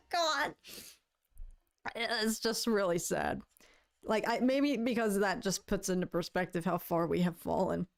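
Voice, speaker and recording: A woman's voice: mid-range voice, steady tone, normal speed, creaky. Woman, livestream host, casual chat with viewers, rambling, stammering restarts, mock-dramatic. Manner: mock-dramatic, playfully lamenting.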